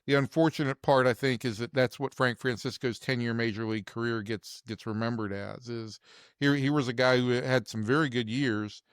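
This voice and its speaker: A man co-hosting a sports podcast, talking in a measured, reflective way. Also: medium pitch, steady tone, smooth, dry recording, studio quality. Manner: measured, reflective, repeats words as he thinks. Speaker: podcast co-host, sports reporter. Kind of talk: casual sports chat.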